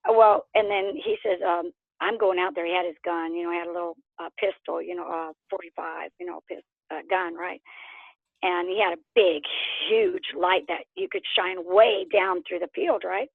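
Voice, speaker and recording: Animated woman telling a tale over the phone. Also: on the low side, moderate pace, vocal fry, no echo. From Oklahoma. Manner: animated, laughs often, acts out quotes. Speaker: interview guest. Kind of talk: casual storytelling. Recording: tinny phone line.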